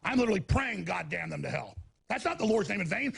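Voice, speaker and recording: A man ranting in a heated talk, angry and often shouting, with a raspy voice. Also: high voice, very animated, fast talker. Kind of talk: heated talk-show rant.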